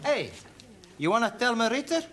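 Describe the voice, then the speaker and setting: An actor playing a cheerful, chatty adult student with an Italian accent who speaks broken, breezy English in a studio sitcom. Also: male voice, extremely high pitch, sing-song, moderate pace, fairly bright tone, full character voice. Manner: mangled English, breezy and friendly.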